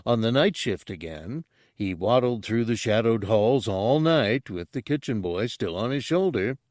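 A man narrating an audiobook in a steady, unhurried storytelling manner. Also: on the low side, no room sound, studio quality.

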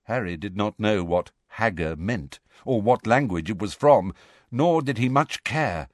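A man narrating a storybook, expressive and varied, doing character voices. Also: lowish voice, measured pace, no echo, clean studio sound. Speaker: audiobook narrator.

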